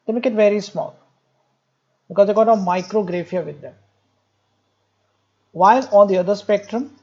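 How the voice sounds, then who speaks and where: A man's voice: sits high, vocal fry, darkish tone, dull audio. A man giving a medical lecture, explaining step by step, repeating key terms and speaking directly to students with light jokes. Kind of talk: recorded exam-prep lecture.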